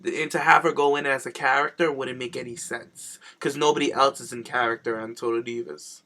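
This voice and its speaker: A man co-hosting a casual chat show, animated and swearing freely, often mimicking other people in mock voices. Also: medium pitch, fairly quick. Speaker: podcast co-host.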